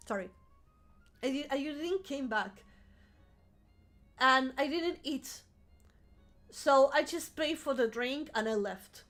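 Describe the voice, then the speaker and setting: A woman's voice: high-pitched, fairly bright tone. A woman streamer telling a rambling story in casual live-stream chat, swearing freely and laughing often. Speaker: vtuber streamer.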